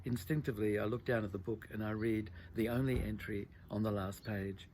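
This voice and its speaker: Male author reading his prose: low, gravelly, measured and reflective. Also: steady tone, darkish tone, slight background noise. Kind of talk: literary reading.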